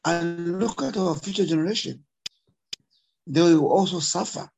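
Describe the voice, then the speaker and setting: A man's voice: fairly high pitch, normal speed, vocal fry, a little mellow, slight background noise, rough recording. A man from Zambia with a Zambian accent, an emotional conservationist guest who speaks earnestly and repeats his points for emphasis. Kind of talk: impassioned interview talk.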